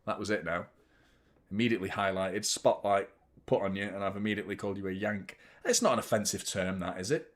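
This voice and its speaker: Casual sweary lad chatting. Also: male voice, fairly low pitch, fairly quick. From United Kingdom. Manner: casual, sweary, banters with viewers. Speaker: football fan channel host. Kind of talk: live watchalong commentary and chat.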